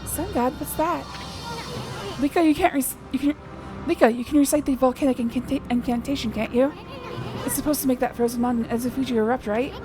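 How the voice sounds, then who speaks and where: A woman voicing a tiny, brash male wandering artist sprite who talks quick and teasing, with game music behind. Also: high voice, lightly acted. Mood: urgent.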